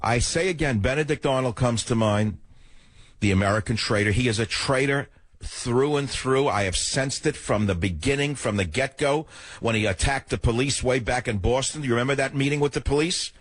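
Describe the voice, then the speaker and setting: In a studio with no echo, an older man runs a political talk radio monologue into a studio mic at a slightly quick pace. His delivery is emotional and forceful, dipping low and then surging loud.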